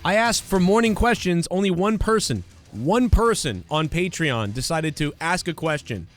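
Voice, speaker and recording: A man's voice: sits high, expressive, normal speed, soft background music. A young man hosting a podcast, ranting casually with lots of swearing, fillers and restarts. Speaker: podcast host. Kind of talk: casual comedic rant.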